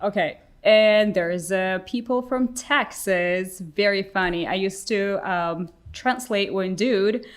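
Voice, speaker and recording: A woman's voice: medium pitch, slow pace, hardly any pauses, clean tone. Podcast guest: woman, native Russian speaker, leisurely delivery, chatty and giggly, many fillers. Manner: chatty, laughs often, lots of "like" fillers. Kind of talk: casual chat.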